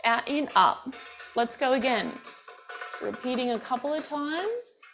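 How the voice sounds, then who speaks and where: A woman's voice: high-pitched, animated, unhurried, fairly bright tone. A woman from Australia teaching a bellydance class, counting the beats aloud and giving encouraging cues. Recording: faint music behind. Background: class music.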